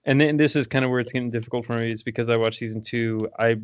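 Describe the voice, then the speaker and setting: A man's voice: medium pitch, fairly even intonation, rapid-fire, smooth, dry recording. A man joining a podcast as a guest, talking casually and tentatively. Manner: hesitant, tentative. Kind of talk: casual chat.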